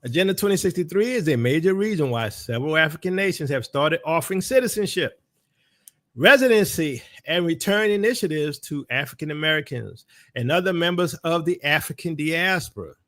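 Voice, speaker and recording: Preaching with a New Orleans accent, this man is a ministry teacher offering religious commentary and speaking straight to his listeners. His fairly high voice is brisk and a bit bright with lively intonation, on a dry, clean studio recording.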